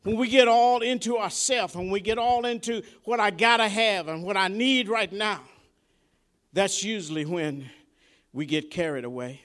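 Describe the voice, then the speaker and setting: A man delivers a sermon in a high, lifted voice. He talks like he is chatting with the congregation, repeats himself as he gathers his thoughts, and swings from hushed asides up to shouted climaxes. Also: moderate pace. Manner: preaching with sharp swings between soft asides and shouted climaxes; conversational, repeats words and restarts. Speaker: preacher.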